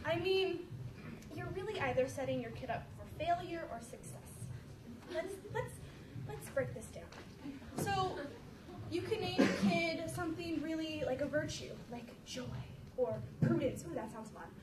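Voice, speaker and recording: High-voiced woman doing stand-up, roomy and distant. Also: moderate pace. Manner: animated, acts out kids' voices and her own. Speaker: stand-up comedian. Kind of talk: stand-up comedy routine. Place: university venue with live audience. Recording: roomy, distant mic, loud crowd and noise.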